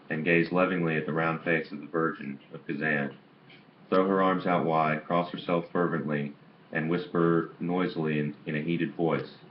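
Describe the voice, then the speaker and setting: A man reading a novel aloud in an amateur way, stumbling and restarting on some words, on a dull lo-fi recording with faint hiss. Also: extremely low pitch. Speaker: audiobook reader.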